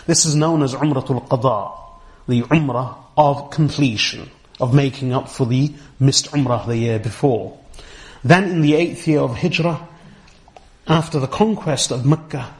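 A middle-aged man giving a deliberate religious lecture, explaining history and careful Arabic terms as a teacher. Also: mid-range voice. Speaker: Islamic teacher.

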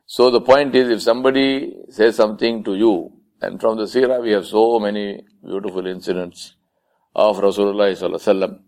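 A man's voice: on the low side, a little mellow. A man giving an Islamic lecture in a conversational way, now and then acting out the voices of the people he quotes. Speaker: Islamic speaker. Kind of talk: sermon lecture.

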